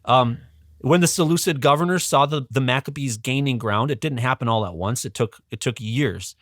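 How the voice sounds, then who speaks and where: A man, a podcast guest and religious educator, telling a history in a casual, animated way, with frequent ums and restarts. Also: mid-range voice, moderate pace, no room sound, clean studio sound. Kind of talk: casual storytelling explanation.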